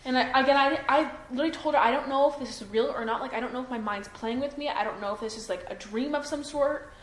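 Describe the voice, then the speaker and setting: A young adult woman giving a halting account to an interviewer, full of "like" and restarts. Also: high-pitched. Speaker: witness being interviewed. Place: indoors at her home. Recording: echoey room with faint ambient noise.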